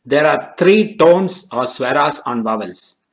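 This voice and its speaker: A man giving a scripted lesson as teacher, speaking in a measured, deliberate way and slowing down on key terms. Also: mid-range voice, poor audio. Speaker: language teacher.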